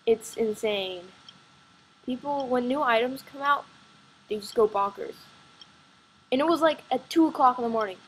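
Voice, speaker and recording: Excitable chatty woman at home. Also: a little high, normal speed, long pauses, slight background noise, rough recording. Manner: excitable, chatty, full of fillers. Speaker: gaming vlogger. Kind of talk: rambling gameplay chatter. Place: at home by a computer.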